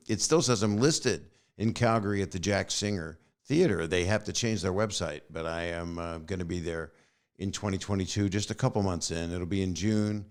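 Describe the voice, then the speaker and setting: A man in his sixties with a very low voice signs off his podcast in a loose, rambling way. He tosses in joking asides and lets his sentences trail off quietly. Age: 60s. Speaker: podcast host. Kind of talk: casual podcast outro.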